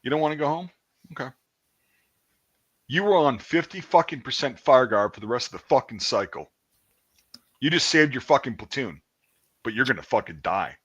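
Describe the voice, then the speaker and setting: A man voicing a harsh, mocking army drill sergeant who barks profane, sarcastic orders. He takes the voice up from his own and talks louder. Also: mid-range voice, lively intonation, moderate pace, pauses often, breathy edge, dull audio. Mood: stern.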